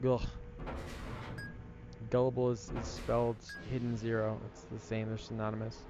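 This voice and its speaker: A man's voice: mid-range voice, completely flat delivery, normal speed, dull audio, over music. A man casually commenting while playing a game late at night, laid-back and self-deprecating, sounding tired. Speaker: gaming streamer. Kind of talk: casual let's-play commentary.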